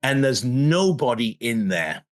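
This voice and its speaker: A man's voice: mid-range voice, measured pace. Man telling stories with a chuckle. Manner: animated storyteller, chuckles mid-sentence. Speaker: interviewer or guest in a video interview. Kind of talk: casual conversational interview.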